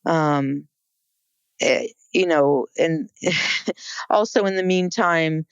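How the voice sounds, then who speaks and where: A woman's voice: low voice, drawn-out words, clean tone, dry recording, lo-fi sound. A woman co-hosting a podcast, talking casually about a court case, with many fillers and restarts. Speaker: podcast co-host.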